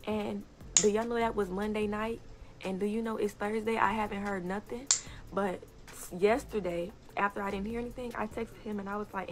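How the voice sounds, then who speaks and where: A young woman telling a casual story time on social media, animated and indignant, often breaking into laughter. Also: medium pitch, normal speed. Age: young adult. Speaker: TikTok storyteller.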